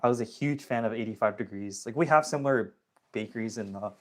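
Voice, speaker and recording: A man's voice: on the low side, fast talker. A young man from the area, chatting casually with viewers on a phone livestream, slangy and reading chat comments aloud. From Toronto area, Canada.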